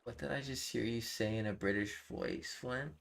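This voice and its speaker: A man's voice: mid-range voice, moderate pace, gravelly, a bit bright. A man chatting casually with his viewers while live-streaming a building game, reading out chat and joking. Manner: chatty, reads chat aloud, jokey.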